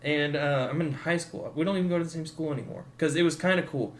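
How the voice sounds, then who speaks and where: A man's voice: a little high, quick pace. A man in his twenties on a podcast, telling a story casually and laid-back, acting out the people in it. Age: 20s. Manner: laid-back, acts out quotes with swearing and laughter. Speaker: podcast co-host.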